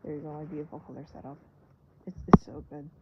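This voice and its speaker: Rambling young adult vlogger over loud noise. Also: mid-range voice, level tone, fast talker, highs cut off. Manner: rambling, self-mocking, with hushed asides. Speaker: vlogger doodling on stream. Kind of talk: casual rambling chat while drawing. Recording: loud background noise with clicks.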